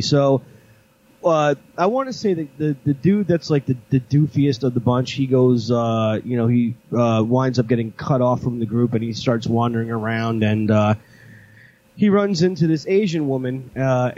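A man co-hosting a casual podcast chat tells a long story full of fillers and restarts. His mid-range voice is slightly mellow, and the recording has a lo-fi quality.

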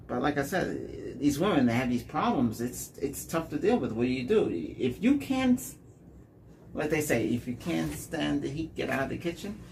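A man rambling through his own dating stories in a casual monologue, repeating words and getting animated when he quotes people. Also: mid-range voice, a little fast, creaky, few pauses, slight background noise. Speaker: dating vlogger.

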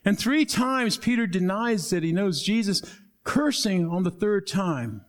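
A male pastor preaching a sermon, acting out Bible dialogue and dropping to soft low tones for emphasis. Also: lively intonation, unhurried.

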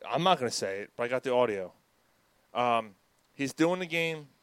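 A man hosting a casual sports podcast with friends, laughing often and firing off quick asides. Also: medium pitch, expressive, a bit bright, clear, resonant tone, no echo. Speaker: podcast host.

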